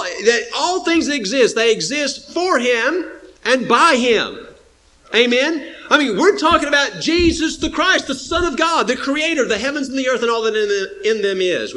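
A man preaching a sermon, emphatic and repetitive, sometimes acting out quoted speakers in a raised voice. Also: pushed and bright. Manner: emphatic, repeats phrases, rises to high pitch for emphasis; acts out quoted speakers in a higher voice.

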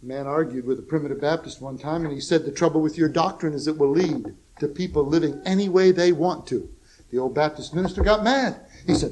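A man preaching a sermon, in a fairly high voice. He drops to soft, low asides, then rises to loud, emphatic exclamations. He keeps a folksy humor and chuckles at his own jokes. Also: brisk, rough recording.

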